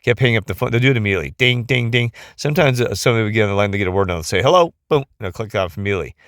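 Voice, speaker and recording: A man's voice: fairly low pitch, rapid-fire, fairly bright tone, no echo, studio quality. A tired middle-aged man talking in a rambling casual monologue, often losing his thread and restarting, recorded on a phone. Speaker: vlogger.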